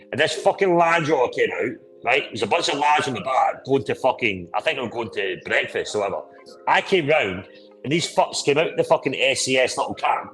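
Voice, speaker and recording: A man's voice: mid-range voice, a bit bright, low-quality recording. A man hosting a casual drinking chat, boisterous and rambling with heavy swearing. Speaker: podcast host.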